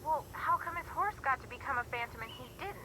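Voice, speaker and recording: A woman's voice: high voice, animated, fast, crowd noise, poor audio. An actress voicing a bored, sarcastic young woman friend calling in a video game, wry in her remarks. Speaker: video game character on a phone call.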